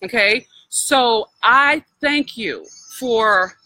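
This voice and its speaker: A woman's voice: a little high, lively intonation, very slow, bright, forceful tone, no room sound, low-quality recording. A woman coach giving a heartfelt, preacher-like healing talk on a live stream, speaking directly to her listeners. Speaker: spiritual wealth coach.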